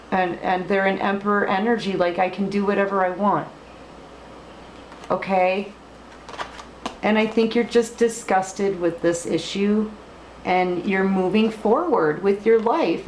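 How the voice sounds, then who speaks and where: A woman's voice: medium pitch, unhurried. A woman giving a late-night tarot reading, emphatic, repeating words and trailing off with fillers. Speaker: tarot reader. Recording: echoey room with faint background noise.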